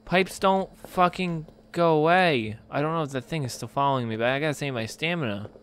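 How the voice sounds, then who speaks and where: A man's voice: a little high, brisk, slight background noise. A young man commentating a horror game as he plays, jumpy and panicky, breaking into screams and swearing when something startles him. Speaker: gaming YouTuber.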